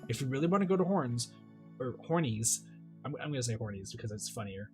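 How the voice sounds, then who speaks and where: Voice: medium pitch, expressive, fast, faint music behind. A streamer playing a dating game, reading the dad's lines aloud with playful joking asides. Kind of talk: let's play with read-aloud dialogue and jokes.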